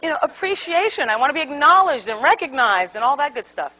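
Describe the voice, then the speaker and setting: Woman seminar speaker, high and very expressive, animated storyteller who works the room with questions. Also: quick pace, rough recording. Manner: animated storyteller, acts out quotes, asks audience questions. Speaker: conflict resolution speaker. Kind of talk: interactive seminar talk. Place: seminar room with live audience.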